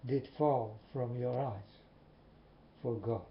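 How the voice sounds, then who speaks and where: Man talking very slowly and earnestly straight to camera, muffled echoey recording. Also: medium pitch, fairly even intonation. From Netherlands. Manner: slow, repetitive, earnest questioning. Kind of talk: slow earnest monologue to viewers. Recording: muffled, echoey room with faint hiss.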